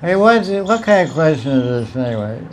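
Man, high voice, informal spiritual talk, playful storyteller, chuckling. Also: big pitch swings, moderate pace, slight background noise. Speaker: spiritual teacher.

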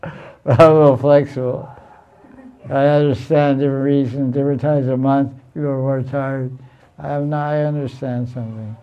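A man's voice: medium pitch, little pitch movement, normal speed, clear, resonant tone, highs cut off. A man teaching a Sanskrit class in a blunt, teasing way, often repeating himself. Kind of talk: informal classroom lecture.

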